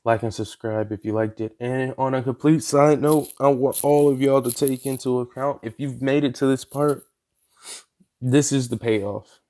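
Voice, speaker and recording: A man's voice: mid-range voice, fairly even intonation, normal speed, warm tone. A man casually narrating a fan story as a channel host, in a loose, slangy way with fillers and the odd swear word.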